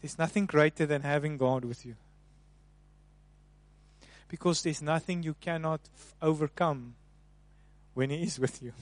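A man preaching a sermon, swinging between soft, hushed passages and loud, emphatic ones. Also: on the high side, measured pace, pauses often.

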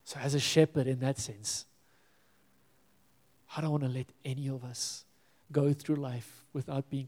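Pastor guy preaching, earnest, goes soft and whispery sometimes, warm mellow voice, big echoey church hall. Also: medium pitch. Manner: earnest, pleading, drops to a near-whisper at times. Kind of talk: sermon.

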